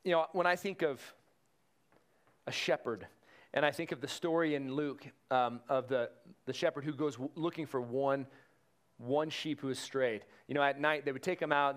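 A male pastor preaching a conversational sermon, slowing down to stress key phrases. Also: mid-range voice, fairly even intonation, clear, resonant tone. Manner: conversational preaching with fillers and restarts, slowing for emphasis.

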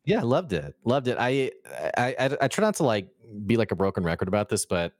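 A man's voice: mid-range voice, a little fast, no echo, clean studio sound. A young man co-hosting a podcast, chatting eagerly with stammers and repeated "like.". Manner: excitable, stammering chat. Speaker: podcast co-host. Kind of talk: casual discussion.

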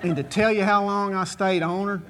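High-voiced man telling a tale. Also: moderate pace, slight background noise. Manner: animated, folksy, rambling with asides. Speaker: storyteller. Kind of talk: comic storytelling to a live audience.

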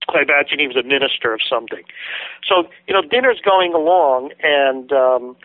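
A man tells a story as a guest author, with animated energy, acting out other people's words as he goes. His voice sits a little high. It comes through a thin, phone-like line with a dry sound and no room echo. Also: normal speed. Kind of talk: telling a story in a phone interview.

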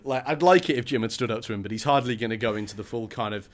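A man co-hosting a casual book discussion, animated and chatty, often laughing and acting out the characters. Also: mid-range voice, rapid-fire. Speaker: podcast co-host.

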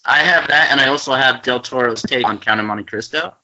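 A man's voice: mid-range voice, brisk. A man chatting casually on a video call, in an offhand, rambling way. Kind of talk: casual chat. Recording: loud noisy, dull call audio.

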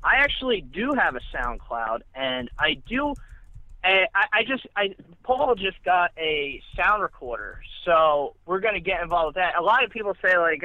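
A man's voice: high-pitched, sing-song, normal speed, no echo. A man calling into a podcast as a guest, rambling with restarts in casual chat. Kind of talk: casual phone interview. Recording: dull dry phone-like line.

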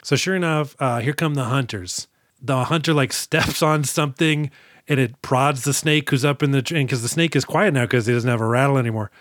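A man's voice: mid-range voice, fairly quick, fairly bright tone, no echo, studio quality. A man co-hosting a podcast, retelling movie scenes in rambling, profane casual chat. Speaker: podcast co-host.

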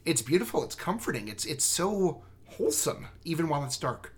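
A man's voice: a little high, sing-song, brisk. A man co-hosting a podcast in casual chat, talking earnestly and with enthusiasm. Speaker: podcast co-host.

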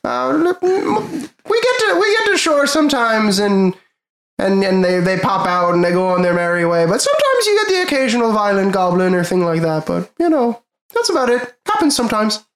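A man voicing a carefree, chatty male ship captain in a high, lilting put-on Irish accent, breezy and stammering. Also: sing-song, moderate pace, fairly bright tone, reverberant, heavily acted.

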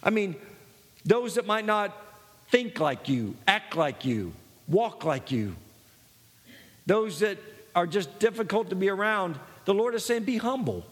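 A man's voice: high-pitched, very animated, unhurried, long pauses, a bit bright. A man preaching a sermon, earnest and personal, telling his own story with many false starts. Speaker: pastor. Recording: long hall reverb.

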